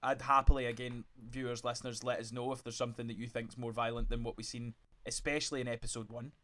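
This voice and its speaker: A man's voice: medium pitch, flat delivery, quick pace, a bit bright. A man hosting a casual podcast chat, arguing his side and cutting in with many restarts. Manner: argumentative, interrupts, many restarts. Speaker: podcast host.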